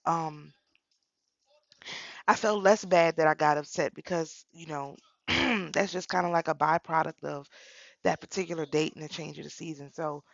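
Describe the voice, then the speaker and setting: A woman's voice: deep voice, normal speed, vocal fry, long pauses, no room sound, highs cut off. A middle-aged woman talking casually about spiritual practice, telling a personal story with repeated phrases. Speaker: spiritual channel host.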